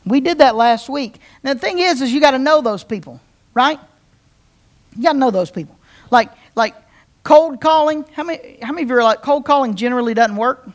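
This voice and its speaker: Pastor, sermon, conversational storytelling, repeats phrases, checks in with the congregation, animated delivery. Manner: conversational, repeats phrases, asks the crowd "right?"; animated, with big swings in pitch and loudness.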